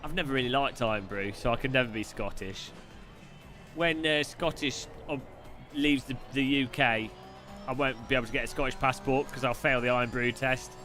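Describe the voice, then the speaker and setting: A man's voice: mid-range voice, steady tone, bright, forceful tone, faint music behind. A man hosting a live stream, chatting casually and joking while commenting on a race. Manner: chatty, jokey, quick asides and laughs.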